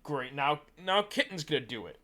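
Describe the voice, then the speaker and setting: A man's voice: on the high side, very animated, moderate pace, bright, forceful tone. A man in his thirties hosting a podcast, chatting casually in a teasing way and laughing a lot. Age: 30s. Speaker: podcast host. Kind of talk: casual chat.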